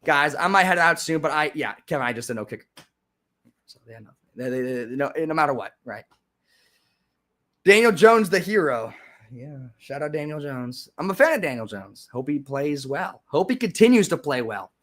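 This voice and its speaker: A young man hosting a live stream, chatting casually and sarcastically, with frequent restarts and sudden loud rants. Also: fairly high pitch, expressive, normal speed. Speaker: livestream host.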